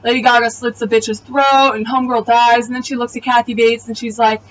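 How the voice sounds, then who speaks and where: A woman with a slightly high voice gives a brisk, flat-toned, casual video recap of a TV episode, bluntly and profanely, sounding exasperated as she retells it. The recording is distant, with the highs cut off and slight background noise.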